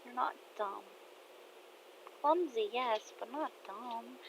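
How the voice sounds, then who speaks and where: A woman's voice: fairly high pitch, slow, vocal fry, noisy background, voice pushed up. A woman voicing an earnest, emotional young daughter who speaks with heartfelt pleading.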